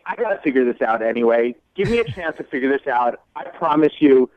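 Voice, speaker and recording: A man's voice: medium pitch, expressive, fairly quick, no echo. A man calling in to a radio show, sounding flustered and defensive, stammering over a phone line. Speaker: caller. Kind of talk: radio call-in conversation.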